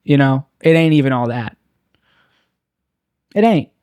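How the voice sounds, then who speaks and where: A man's voice: mid-range voice, animated, a little slow, a little mellow, clear, resonant tone, no echo, clean studio sound. A young man doing a confessional stand-up monologue, rambling and bitter, mocking himself with frequent restarts. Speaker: stand-up comedian.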